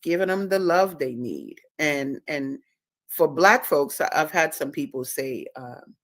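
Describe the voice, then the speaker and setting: A woman's voice: sits low, lively intonation, unhurried, a bit bright, no echo. A woman hosting a livestream and talking about her own book in a casual, emphatic, preachy way, repeating words for stress. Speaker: host and author.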